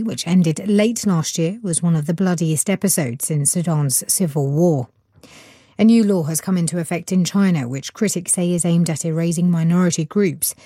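A woman reads a radio news bulletin in a measured, formal manner. Her voice is low, dark and mellow. The sound is dry and close, with no room echo. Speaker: newsreader.

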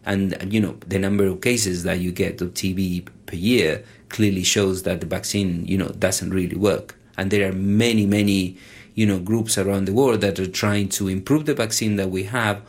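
A lab group leader talks casually with a man's very deep voice. He explains science for an interview and keeps leaning on "you know" as he goes. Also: a little mellow.

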